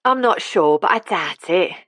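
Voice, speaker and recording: A woman's voice: lowish voice, animated, normal speed, a bit bright, dry recording. A woman voicing a practical, no-nonsense elderly woman who speaks with a Cockney accent. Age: older.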